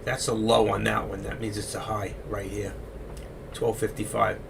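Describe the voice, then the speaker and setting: A man's voice: lowish voice, little pitch movement, moderate pace, gravelly, background noise. A middle-aged man hosting a trading live stream, chatting casually and candidly with viewers as he looks over stock charts. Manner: rambling, candid, confiding to viewers. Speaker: trading livestream host.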